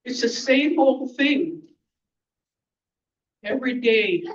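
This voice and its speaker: A woman giving a blunt, angry, outspoken speech at a community event, often pausing to search for words. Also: fairly high pitch, animated, far from the mic, lo-fi sound. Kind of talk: impromptu public speech.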